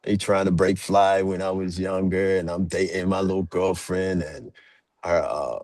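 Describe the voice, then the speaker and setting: A man in his forties, a podcast guest, talking in a relaxed storytelling way with lots of fillers. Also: low-pitched, moderate pace, dry recording. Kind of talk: casual storytelling.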